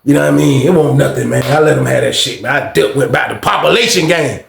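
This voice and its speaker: A man's voice: medium pitch, fast, vocal fry, a crowd in the background. A man telling a story in a casual, slangy and profane way, acting out the people in it. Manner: slangy, profane, animated quoting. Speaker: storytime vlogger. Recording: roomy echo.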